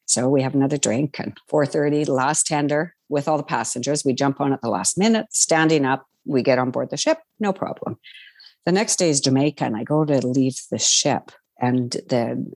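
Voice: medium pitch, normal speed, dry recording. A former cruise ship crew member telling anecdotes in a casual chat, laughing often and acting out the dialogue. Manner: animated storyteller, laughs often, acts out quoted dialogue.

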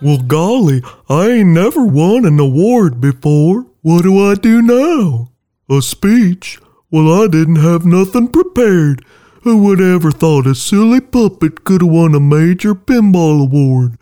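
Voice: medium pitch, lively intonation, a little slow, warm tone, natural voice. A performer voicing a naive, folksy young male paper bag puppet with a rural drawl in a comedy sketch. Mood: awestruck.

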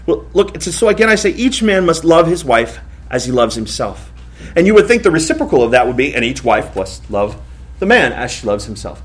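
A pastor in his thirties preaching a sermon in a lively, conversational way, often repeating himself. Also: fairly high pitch, fairly quick. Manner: animated, conversational preaching with repetitions.

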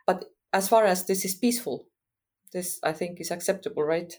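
A middle-aged woman from Estonia, speaking frankly as a guest expert in a podcast interview, pausing often with "uh" as she thinks. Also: on the low side, darkish tone. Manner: thoughtful, frank, with frequent uh pauses.

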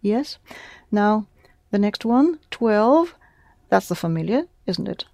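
A woman leads a one-to-one language lesson, patient and encouraging. She says each word slowly and clearly, then repeats it. Her voice is mellow, and the recording is dry and close. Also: medium pitch, big pitch swings, no room sound. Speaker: language teacher.

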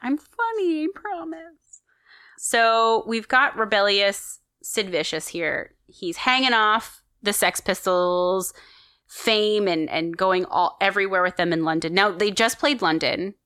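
A woman's voice: mid-range voice, measured pace, sharp tone, clear, resonant tone, no echo, clean studio sound. A woman co-hosting a podcast, chatting enthusiastically as she tells a story with lots of fillers. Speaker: podcast co-host telling a story. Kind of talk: casual storytelling chat.

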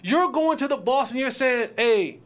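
High-voiced man ranting about sports. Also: moderate pace. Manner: passionate, animated rant with repeated restarts. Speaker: podcast host. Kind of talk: casual sports commentary.

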